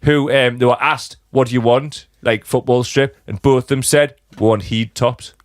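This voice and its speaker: A man with a Geordie accent, chatting as a podcast host, sweary and animated. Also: medium pitch, normal speed, dry recording, clean studio sound. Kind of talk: casual chat.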